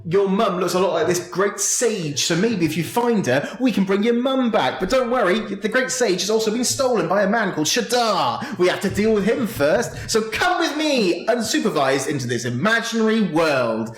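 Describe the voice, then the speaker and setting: A man's voice: high voice, animated, moderate pace, hardly any pauses, reverberant. A man co-hosting a casual gaming podcast, rambling through a plot summary with jokes and self-corrections. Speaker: podcast co-host.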